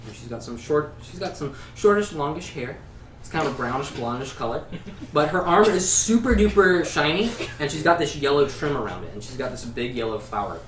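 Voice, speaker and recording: A man narrating a tabletop game as game master in a relaxed, chatty way. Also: medium pitch. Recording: echoey distant livestream mic with noise.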